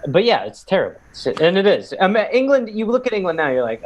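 A man's voice: a little high, wildly swooping pitch, a little fast, hardly any pauses, slight background noise. Rambling, jokey male comedy guest. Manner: rambling, jokey, slips into silly voices. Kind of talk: casual comedic chat.

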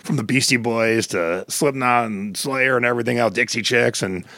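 A man's voice: medium pitch, normal speed, vocal fry, no echo, studio quality. A middle-aged man co-hosting a podcast, telling stories in casual chat and acting out the people in them. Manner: storytelling, animated quoted voices. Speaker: podcast co-host.

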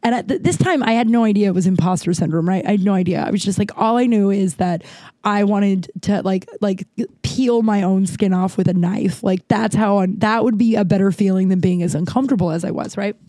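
A woman's voice: mid-range voice, a little fast, warm tone, no echo. A woman comedian telling a candid personal story, speaking frankly and swearing freely.

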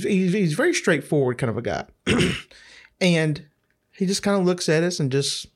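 Middle-aged man, slightly higher pitch, casual rambling storyteller, repeats himself, frequent throat clearing.

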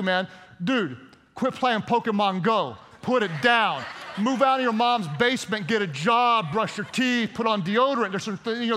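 Emphatic high-voiced male pastor preaching. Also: fairly bright tone, big-room sound. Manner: emphatic, call-and-response with congregation. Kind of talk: sermon.

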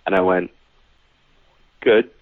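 A man's voice: deep voice, slow, no echo. A man, a psychic reader, casually telling anecdotes and acting out the people in them, with lots of fillers. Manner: animated anecdote-telling, acts out quoted voices, many fillers. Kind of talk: casual storytelling interview. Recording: tinny phone-like line.

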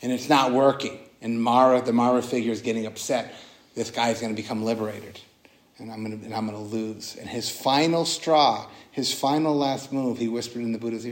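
A man teaches meditation in a relaxed, earnest way and often restarts his sentences. His voice sits at an ordinary mid pitch and rings with the echo of a roomy hall. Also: normal speed. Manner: casual and earnest, with many restarts and "like". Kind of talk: dharma talk at a retreat.

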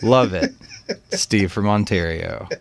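A man's voice: on the low side, slow pace, vocal fry. A man co-hosting a podcast in casual chat, teasing his co-host in a dry way and swearing casually.

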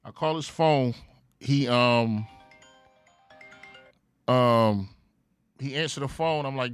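A middle-aged man telling a story in casual chat, acting out quotes loudly, laughing and swearing. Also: mid-range voice, slow pace, long pauses, clear, resonant tone, faint music behind.

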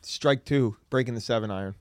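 A young man hosting a podcast, loud and excitable, swearing often in casual banter. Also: mid-range voice, fairly quick, slight background noise. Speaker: comedian and podcast host.

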